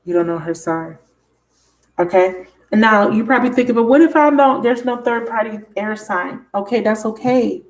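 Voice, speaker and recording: A woman giving a casual tarot reading to her viewers, excitable and emphatic, swearing freely as she talks straight to them. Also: on the high side, normal speed. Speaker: tarot reader.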